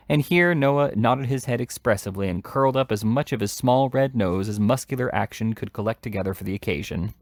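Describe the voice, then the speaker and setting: A man reading a classic novel aloud in steady, measured narration. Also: lowish voice, no room sound, clean studio sound. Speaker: hobby reader.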